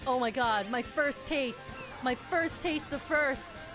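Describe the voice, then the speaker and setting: A woman streamer chatting casually with her viewers while playing games, excitable and quick to laugh. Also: sits high, over music. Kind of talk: casual live-stream chat while gaming.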